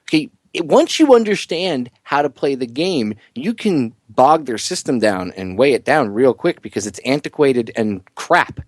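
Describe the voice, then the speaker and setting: Radio host guy chatting, gets loud and squeaky when joking around, dry close mic. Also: moderate pace, few pauses, no room sound. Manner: animated, voice jumps high when joking. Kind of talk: casual talk radio chat.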